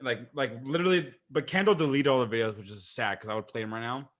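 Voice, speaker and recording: A man's voice: medium pitch, fast talker, fairly bright tone. A young man co-hosting a podcast, bantering casually, swearing and calling people bro and dude. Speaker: podcast co-host.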